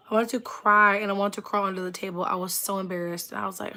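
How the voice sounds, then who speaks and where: A woman's voice: medium pitch, quick pace, hardly any pauses. A woman hosting a casual livestream, telling rambling stories full of "like", laughing, and greeting viewers in chat. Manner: expressive, laughs often. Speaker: livestream host.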